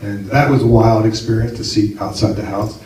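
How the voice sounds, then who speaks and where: A man's voice: lowish voice, moderate pace, a little mellow. An American man doing a chatty, self-mocking stand-up set on stage, often laughing at his own lines. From United States. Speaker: stand-up comedian. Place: comedy club stage with a live audience. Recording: far-off echoey club with crowd. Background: audience laughter.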